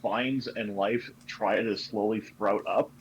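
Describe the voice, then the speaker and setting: A man's voice: on the low side, fairly even intonation, takes it slowly, muffled recording, a little hiss or hum. A man narrating his characters' actions in a tabletop game, hesitant and full of fillers. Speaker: player.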